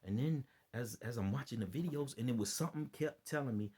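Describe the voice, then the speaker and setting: A man's voice: mid-range voice, brisk, warm tone, husky. A tired man rambling through an earnest, preachy monologue to his followers, often repeating himself. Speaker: vlogger giving religious commentary.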